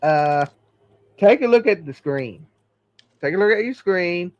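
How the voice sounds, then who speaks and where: Casting: man host, slow and halting delivery with fillers, slightly high voice, dry lo-fi sound. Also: expressive, no room sound. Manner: reads game lists slowly with many fillers. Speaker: podcast host. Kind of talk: casual chat.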